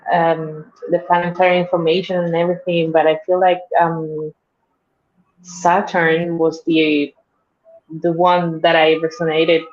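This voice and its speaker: A woman co-host speaking slowly and hesitantly, pausing with many ums as she reflects. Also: fairly low pitch, dull audio. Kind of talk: casual reflective chat.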